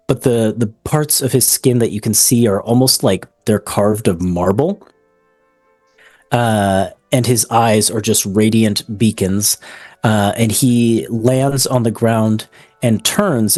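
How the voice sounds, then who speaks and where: A man's voice: fairly low pitch, a little mellow, no room sound. A man narrating as game master of a tabletop game, describing scenes with many ums and likes.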